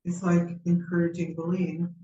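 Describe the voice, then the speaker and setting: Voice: medium pitch, completely flat delivery, moderate pace, warm tone, reverberant, a little hiss or hum. Muffled questioner speaking from the back of the room. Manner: questioning, troubled. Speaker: class participant.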